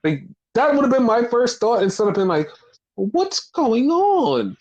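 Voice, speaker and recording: A man talks casually as a podcast co-host, his pitch swinging widely and sitting fairly high. He swears freely and acts out quoted lines in exaggerated mocking voices. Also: animated, a little fast, darkish tone, dull audio. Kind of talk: casual chat.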